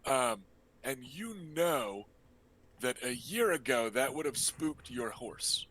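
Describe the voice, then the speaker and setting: A man narrating a tabletop role-playing game as game master, relaxed and full of ums and uhs. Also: mid-range voice, slow.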